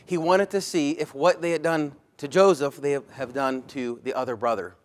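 A pastor delivering a conversational sermon, emphatic at points and often rephrasing himself mid-sentence. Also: male voice, on the high side, fairly even intonation, normal speed. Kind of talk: expository sermon.

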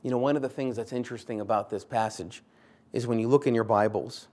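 A man's voice: mid-range voice, steady tone, quick pace, darkish tone. Male pastor preaching, earnest and chatty, repeats short lines for emphasis. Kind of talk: sermon.

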